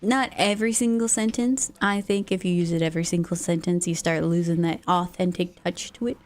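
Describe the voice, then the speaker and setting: A woman's voice: lowish voice, steady tone, brisk. A woman streaming live, chatting casually and reacting to her chat's messages. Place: lives in the United States.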